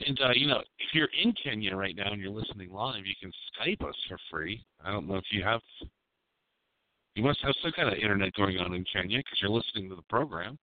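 A man's voice: on the low side, animated, a little fast, dry recording. A man hosting a live call-in radio show, talking in a rambling, crude and provocative way. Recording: dry tinny phone-like sound.

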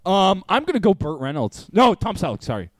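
A man co-hosting a podcast, loud and crude, joking and laughing often in casual banter. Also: high voice, big pitch swings, fairly quick, dry recording, clean studio sound. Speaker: podcast co-host. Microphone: podcast mic.

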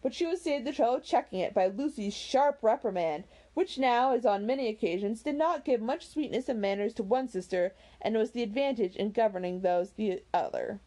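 A woman's voice: a little high, expressive, brisk, hardly any pauses, mellow. Brief: casual, chatty woman reader, friendly asides, self-deprecating. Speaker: reader of an audiobook series. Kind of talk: reading a novel aloud and chatting about it.

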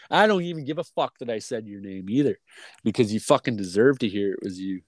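A man's voice: medium pitch, expressive, fast, no room sound. A man on a podcast talking casually, blunt and heavy on swearing, who says he isn't feeling well. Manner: blunt, profane, venting. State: feeling unwell. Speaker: podcast co-host.

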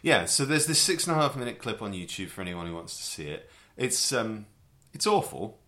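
A man co-hosting a film podcast in easy, teasing conversation, often tripping over his first words before landing a dry joke. His voice sits low but swings widely in pitch. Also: very animated, brisk, pushed and bright. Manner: teasing, dry, stumbling restarts. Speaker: podcast co-host. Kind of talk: casual chat.

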